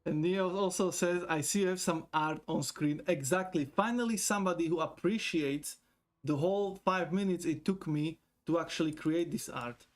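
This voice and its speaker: On a live stream, a man chats loosely and ramblingly at a moderate pace, his voice a little high for a man. He swears freely, laughs a lot and reads viewer messages aloud into a desk mic.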